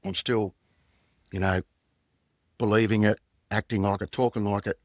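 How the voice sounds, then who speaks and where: A man in his fifties with an Australian accent recalls his past as a former undercover detective. His voice sits low, and the sound is close and dry with no room around it. He talks plainly and rambles a little, dropping in casual slang. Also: fairly even intonation, normal speed, dry recording. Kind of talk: candid storytelling in conversation.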